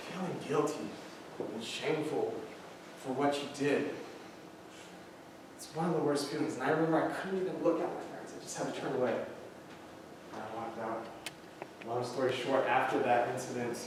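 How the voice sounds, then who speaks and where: A man in his thirties speaks earnestly to a room of students, with his voice in a middle register. He pauses for effect and lets his voice drop low and quiet. The recording comes from a distant mic in a very echoey hall, with faint hiss underneath. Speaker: motivational speaker. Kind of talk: personal story told to high school students. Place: large school hall.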